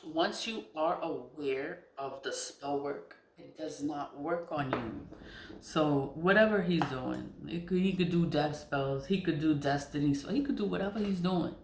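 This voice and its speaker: Middle-aged woman, casual confessional storyteller: blunt, profane, quick to laugh; echoey room. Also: low-pitched, noisy background. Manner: blunt and candid, swears freely, laughs between lines. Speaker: spiritual content creator. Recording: roomy echo.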